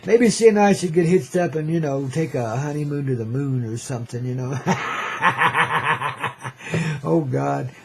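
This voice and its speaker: A man's voice: a little high, a little slow, creaky, a little hiss or hum. An older man hosting a radio show, rambling in a laid-back hippie drawl, often saying "man" and laughing. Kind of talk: rambling casual radio monologue.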